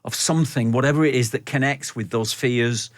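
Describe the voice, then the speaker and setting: A man's voice: medium pitch, brisk, dry recording, studio quality. A middle-aged man guesting on a radio show, talking at length in a reflective, storytelling way. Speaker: film director guest. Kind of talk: radio interview.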